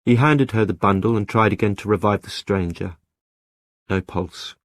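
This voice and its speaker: A man with a very low voice reads an audiobook in a measured, lyrical way. The recording is dry and close, with no room sound. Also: no room sound. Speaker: audiobook narrator. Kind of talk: scripted audiobook narration.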